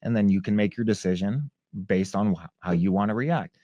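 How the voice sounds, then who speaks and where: The ex-fighter's voice sits fairly low and moves briskly as he animatedly recounts a story as a podcast guest, performing others' shouts. It's a dry recording with the highs cut off.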